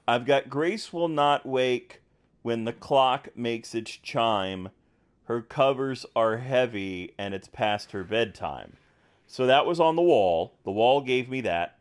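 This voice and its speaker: A man's voice: mid-range voice, animated, takes it slowly, smooth. A young American man streaming a game, chatting casually and rambling with lots of fillers and restarts. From United States. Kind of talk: casual gameplay chat.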